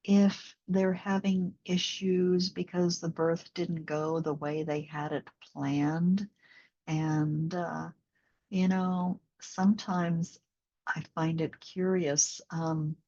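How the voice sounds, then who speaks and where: A slow, low-pitched woman with a gravelly, husky voice talks gently through an interview. Her tone is mellow and relaxed, with plenty of fillers. The audio is slightly dull and lo-fi. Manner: gentle, reflective, with many fillers. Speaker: postpartum doula and bodywork instructor. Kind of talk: conversational interview.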